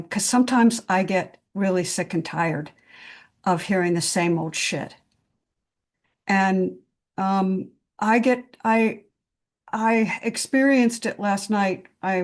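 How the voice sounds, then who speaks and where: A woman's voice: lowish voice, a little mellow. A woman speaking candidly in a video-call sharing group, blunt and swearing, with many fillers and restarts.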